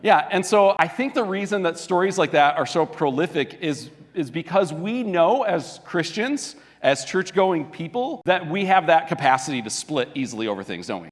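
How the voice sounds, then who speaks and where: A man from Michigan preaching a relaxed, conversational sermon, telling stories and asking the congregation questions. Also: a little high. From Portage, Michigan. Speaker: pastor. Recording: long echo of a large hall.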